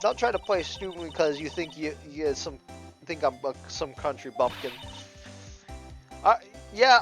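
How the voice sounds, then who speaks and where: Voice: medium pitch, pitched above the performer's own voice. A player voicing a brash Southern woman photographer in a video game, reading her lines with a put-on Southern drawl and a scolding, indignant manner. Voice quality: twangy drawl with y'all. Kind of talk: reading game dialogue aloud.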